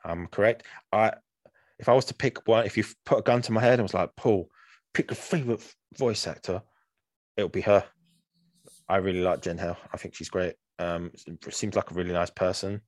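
A man with a deep, low voice co-hosts a casual podcast chat and wanders through his thoughts with lots of "um"s and restarts. He sounds close and dry, with no room around him. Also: steady tone, brisk, no room sound. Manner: rambling, hesitant, many fillers and restarts. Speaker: podcast co-host.

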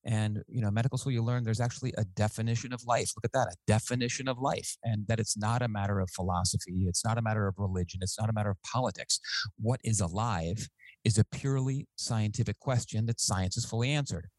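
A man, a physician and author, telling his story as a guest in a radio interview, earnest and measured with small restarts. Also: fairly low pitch, a little mellow, no echo, low-quality recording.

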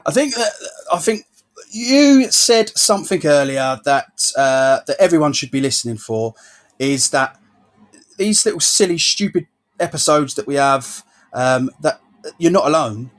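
A man with a slightly high voice talks easily as a podcast co-host. He sounds relaxed and supportive, and he drops mate and dude into his sentences. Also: a little slow. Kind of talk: casual podcast chat.

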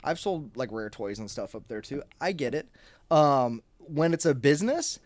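A man talking as a guest in a podcast interview, telling animated stories, acting out quoted arguments with a raised voice and swearing freely. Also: mid-range voice, normal speed. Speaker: guest, toy company founder. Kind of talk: casual storytelling in a podcast interview. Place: office or studio.

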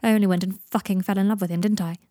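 A woman's voice: medium pitch, steady tone, racing, mellow, no room sound, close to an everyday voice. A woman voicing a weary young wizard who is dying, with dry, theatrical banter. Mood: glum.

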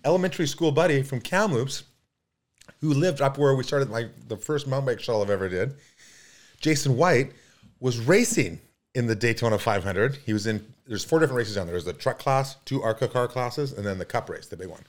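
A man in his fifties from Canada tells stories as a podcast guest. He is animated and rambling, and he fills his talk with fillers. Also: mid-range voice, brisk. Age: 50s. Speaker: podcast guest, pro mountain biker. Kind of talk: casual storytelling.

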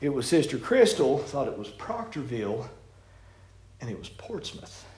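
A man's voice: medium pitch, sing-song, normal speed, a little mellow. A man preaching a sermon, folksy and storytelling with colloquial grammar, in a church sanctuary. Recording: echoey church room.

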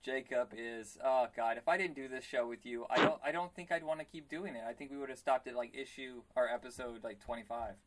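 A man's voice: mid-range voice, brisk, hardly any pauses, a little hiss or hum. Rambling man co-hosting a podcast. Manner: rambling, self-deprecating, many fillers. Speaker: podcast co-host. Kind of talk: casual chat.

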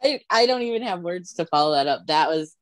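A woman with a low voice that swings lively up and down hosts a casual interview, laughing readily and cheering her guest on. Her sound is dry and close to the mic. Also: a little fast, dry recording. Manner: laughs easily, encouraging. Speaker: podcast host.

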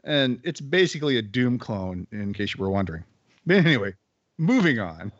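A man's voice: medium pitch, very animated, normal speed, no echo. A man hosting a casual podcast chat who walks through the rundown with wry, joking asides. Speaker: podcast host. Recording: dull lo-fi audio.

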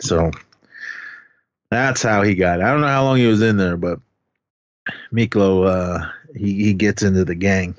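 A man's voice: deep voice, moderate pace, pauses often, no room sound, muffled recording. A man co-hosting a podcast, rambling through a casual movie recap and laughing as he goes. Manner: rambling, laughing, acts out quotes. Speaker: podcast co-host.

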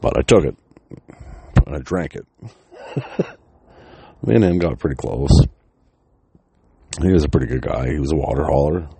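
A man's voice: rumbling low, animated, normal speed, gravelly, long pauses, noisy background. A man, casually telling a personal story, swearing often and laughing between lines.

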